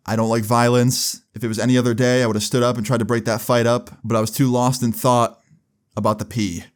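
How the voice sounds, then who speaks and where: A man's voice: lowish voice, smooth. A young man telling a storytime vlog in a casual, profane way, with lots of filler words. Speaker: vlogger.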